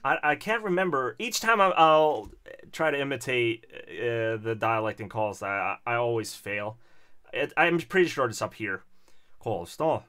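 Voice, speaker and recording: A man's voice: medium pitch, animated, moderate pace, sharp tone, clean tone. A man from Stockholm with a Swedish accent, chatting casually as a streamer in a rambling, hesitant way with frequent chuckles. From Stockholm, Sweden. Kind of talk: casual livestream commentary.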